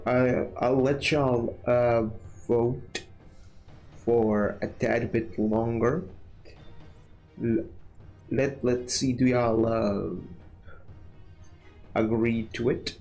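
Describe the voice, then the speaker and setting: A man's voice: medium pitch, gravelly, darkish tone. A man streaming a video game, chatting to viewers with crude jokes and rambling commentary. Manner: rambling with fillers and restarts. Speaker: gaming streamer. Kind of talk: casual let's-play commentary.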